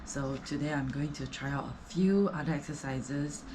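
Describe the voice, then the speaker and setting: Speaking at normal speed in a low voice with background noise, a Singaporean woman vlogs about her home workout. Slightly out of breath between sets, she chats casually in Singaporean English, full of fillers and rambling explanations.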